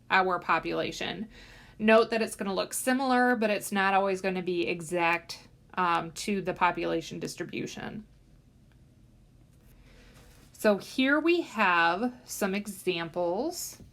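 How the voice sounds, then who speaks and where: A woman instructor delivers a recorded lecture in a mid-range voice. She talks through each point step by step, fills pauses with "um", and leans hard on the words she wants students to remember. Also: mid-range voice, fairly bright tone. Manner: explanatory, many "um" fillers, stresses key words. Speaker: statistics instructor.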